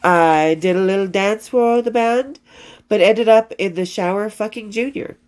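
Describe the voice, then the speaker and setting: A woman's voice: medium pitch, a little slow, a little mellow, clear, resonant tone. A woman in her fifties reading from her old diary and telling rock stories in a rambling, profane way, often losing her place and starting over. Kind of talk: casual storytelling, reading diary entries.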